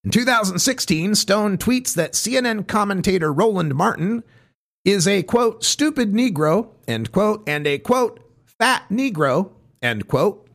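Man, commentary, high lively voice, gravelly, measured, pointed. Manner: measured, pointed, stresses each quote with pauses. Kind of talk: reading a list of quotes, commentary.

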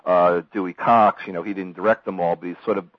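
A man talking casually on a radio show, rambling with many fillers and animated retellings. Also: deep voice, quick pace, no echo, muffled recording. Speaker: guest film commentator.

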